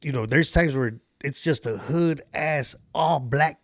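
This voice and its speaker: Animated swearing man telling stories. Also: a little high, unhurried, no echo. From Los Angeles area. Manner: animated storyteller, swears a lot, acts out voices in anecdotes. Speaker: comedian guest. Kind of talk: casual podcast chat.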